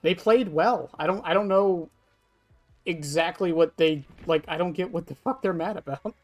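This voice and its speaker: A live streamer talks through a horror game match in a loose, offhand way, swearing freely and answering chat as it goes. The voice sits at an ordinary middle pitch. Faint music plays underneath. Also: moderate pace. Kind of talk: casual live-stream gameplay commentary.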